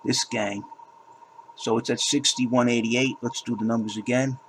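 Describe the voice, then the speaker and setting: A man's voice: mid-range voice, fairly even intonation, moderate pace, a bit bright, slight background noise, low-quality recording. A man hosting his own crypto channel, ranting in a heated, casual way and often repeating and restarting his words. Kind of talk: heated casual rant to camera.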